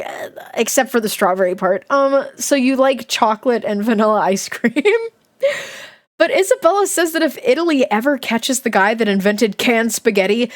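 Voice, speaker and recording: A young woman with a somewhat high voice reads a children's diary book aloud on a live stream. She keeps it chatty and giggly, breaking off the text to react and joke with her chat.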